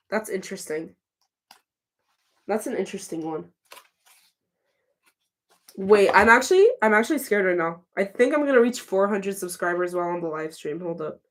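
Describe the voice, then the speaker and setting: A woman streamer chatting casually with her live chat. She answers questions on the fly, talks in a loose, chatty way and often restarts with a flustered laugh in her voice. Her voice sits at an ordinary middle pitch.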